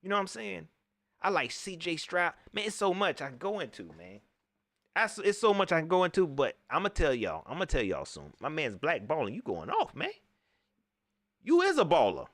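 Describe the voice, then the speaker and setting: Animated man hosting a post-game show. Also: a little high, normal speed, dry recording. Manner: slangy, animated, repeats himself. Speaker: sports talk show host. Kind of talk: casual livestream post-game chat.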